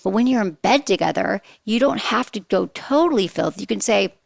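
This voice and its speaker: A woman's voice: medium pitch, expressive, a little fast, gravelly, hardly any pauses, no room sound. A woman hosting a podcast, giving chatty sex advice with frequent rhetorical questions. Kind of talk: casual advice talk.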